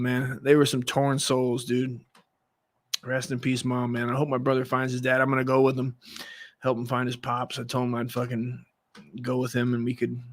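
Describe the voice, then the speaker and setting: Guy rambling thru a story, swears a lot, laughs and restarts, mid pitched. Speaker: comedian telling a story. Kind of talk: casual storytelling monologue.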